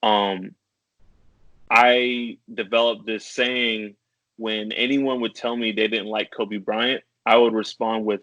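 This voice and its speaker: A man's voice: lowish voice, level tone, slow pace, fairly bright tone, no room sound. A man in his thirties, co-hosting a podcast in casual chat, reflective, stammering now and then and laughing between thoughts. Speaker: podcast co-host. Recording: dry, dull lo-fi sound.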